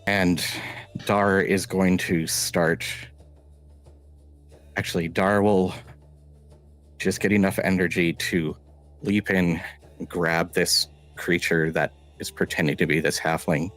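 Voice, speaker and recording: A man narrating a tabletop role-playing game as game master, telling the scene in a halting, measured way with frequent restarts. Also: low-pitched, steady tone, a bit bright, faint music behind.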